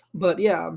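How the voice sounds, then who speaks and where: A man with a fairly high-pitched voice retells an anime fan story in a loose, rambling way. He leans on fillers and drops casual swear words. He sounds a little sleepy, speaking from his room at home. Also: vocal fry, a bit bright, slightly rough. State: yawning, tired.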